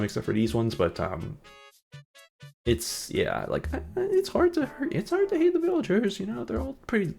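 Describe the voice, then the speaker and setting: A man's voice: lowish voice, creaky. A man chatting casually on a live stream, rambling and joking with frequent ums, with faint music behind him.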